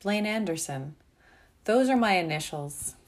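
A woman's voice: mid-range voice, animated, measured pace, close to an everyday voice. A woman voicing a flustered, charming young male college student who is apologetic and bashful, in a read-aloud story.

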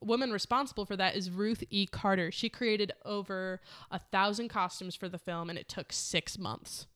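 A woman's voice: medium pitch, fairly even intonation, moderate pace, a bit bright. A woman chatting casually and enthusiastically about a film with a friend, laughing often.

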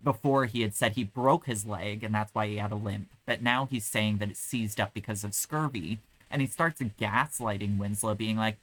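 A woman co-hosting a podcast who recaps a film in casual chat, telling it in an animated way, acting out quotes and laughing often. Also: rumbling low, normal speed, hardly any pauses, dry recording, low-quality recording. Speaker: podcast co-host.

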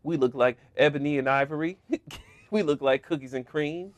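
A man's voice: a little high, moderate pace, no room sound. A man co-hosting a casual podcast, joking around and laughing often as he talks. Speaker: podcast co-host. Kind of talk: casual chat.

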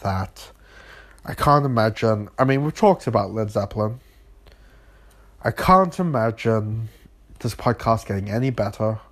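A man's voice: lowish voice, lively intonation, unhurried, pauses often, fairly bright tone. A man hosting a solo podcast at night, tired and sick with a runny nose, rambling and joking at his own expense while smoking at home. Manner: playful, rambling, self-mocking, repeats sung "ooh yeah". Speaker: podcast host. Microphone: phone recording.

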